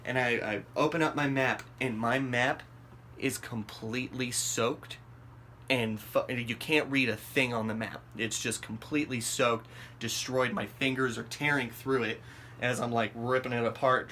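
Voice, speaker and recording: A man's voice: medium pitch, moderate pace, slight background noise. Rambling, profane male storyteller. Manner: rambling and profane, many fillers and restarts; animated, voice jumps up when acting out his own panic. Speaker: vlog host telling a story. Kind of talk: casual storytelling.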